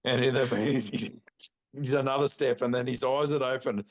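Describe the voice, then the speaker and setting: A middle-aged man with an Australian accent, a podcast guest telling hunting stories in a laid-back, animated way, slipping into the voices of his mates. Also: mid-range voice, moderate pace. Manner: animated yarn-spinning, acts out quotes, laid-back slang. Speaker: podcast guest, bowhunting club chairman. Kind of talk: casual storytelling interview.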